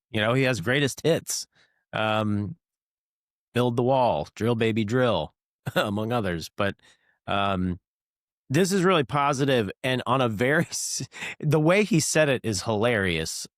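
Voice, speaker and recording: A man hosting a podcast, chatting in a relaxed way with chuckles and frequent fillers. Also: medium pitch, measured pace, dry recording, studio quality. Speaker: podcast host. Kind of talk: casual podcast discussion.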